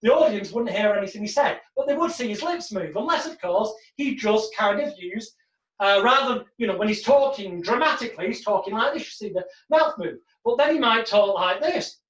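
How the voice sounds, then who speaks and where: A man's voice: high voice, brisk. A man explains stage hypnosis in a loose, chatty teaching monologue. He tells his stories with gusto, acting out the voices of the people involved. He sits away from the mic in an echoey room, and the sound is slightly muffled. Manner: lively storyteller who acts out quotes. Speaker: hypnosis trainer. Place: home room in front of a backdrop. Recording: roomy, distant, dull sound.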